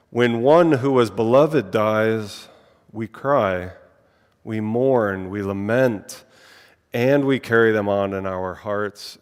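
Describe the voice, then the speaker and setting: A man's voice: fairly low pitch, clear, resonant tone. A man from Virginia, a minister, giving a sermon and spoken prayer, playful with wordplay and then solemn. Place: church sanctuary. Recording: long hall reverb.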